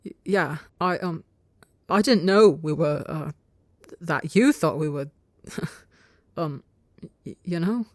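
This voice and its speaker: A woman doing a bashful young male creature with antennae who stumbles over his words, stuttering and trailing off. The voice sits low and soft for a woman, with a close, dry sound and no room around it. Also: animated, takes it slowly, long pauses, no echo. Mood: flustered. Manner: stuttering, hesitant, flustered. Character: shy stammering young male insect-like creature.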